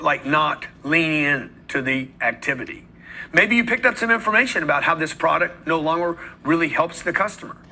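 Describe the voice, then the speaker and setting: A man with a bright, forceful and slightly husky voice coaches salespeople in a blunt, emphatic way. His pitch sits a little high. He keeps slipping into quick impressions of customers and colleagues to make his points. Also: rough recording. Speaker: sales trainer. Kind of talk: motivational sales talk.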